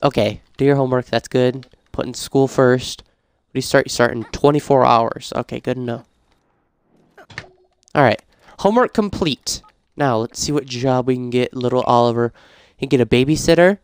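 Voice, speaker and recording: Man doing casual game commentary, smooth and dry. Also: medium pitch, dry recording. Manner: reads game prompts aloud, grows frantic and shouty. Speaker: gaming YouTuber. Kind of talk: casual let's-play commentary.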